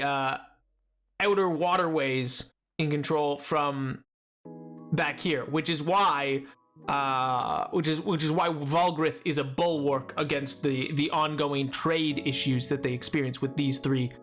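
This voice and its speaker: A man's voice: fairly high pitch, a little slow, a bit bright, soft background music. A man streaming live, chatting casually with viewers in a rambling, self-mocking way and laughing often.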